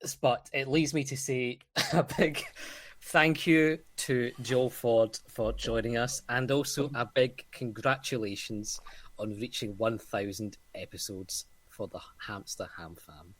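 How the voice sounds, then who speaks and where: A man's voice: mid-range voice, fairly even intonation, a little slow. A man with a Scottish accent, co-hosting a casual podcast over a call and laughing often between phrases. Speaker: podcast co-host. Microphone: remote call mic.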